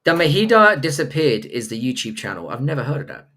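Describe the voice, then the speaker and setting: A man's voice: medium pitch, very animated, fast, bright, forceful tone. A man hosting a live stream, reading viewer messages aloud and answering with crude, profane jokes. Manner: crude, profane, joking banter with chat. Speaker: livestream host reading chat. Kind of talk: casual live-stream chat.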